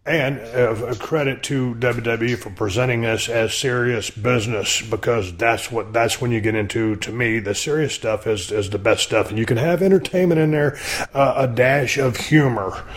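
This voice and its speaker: Guy hosting a podcast, rambling, excited, talks in circles. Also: mid-range voice, normal speed. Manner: rambling, enthusiastic, many restarts. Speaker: podcast host. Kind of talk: casual wrestling talk.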